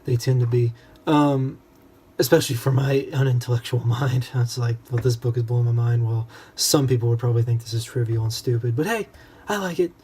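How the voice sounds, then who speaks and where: A man's voice: medium pitch, fairly quick, warm tone, slight background noise. A young man in a casual, rambling book discussion, full of self-deprecating asides. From United States.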